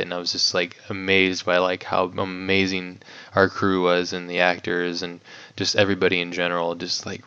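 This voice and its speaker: Deep flat-voiced guy rambling about his shoot, says like a lot, kinda muffled audio. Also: gravelly, clear, resonant tone. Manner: rambling, heavy on "like", swears casually. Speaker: guest filmmaker. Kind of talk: casual podcast interview. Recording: dull lo-fi audio.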